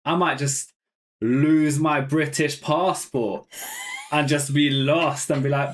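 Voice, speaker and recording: A man's voice: fairly high pitch, steady tone, slow pace. Joking guy reacting to clips with his co-host, easygoing chat. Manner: joking and chatty. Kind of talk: casual reaction commentary.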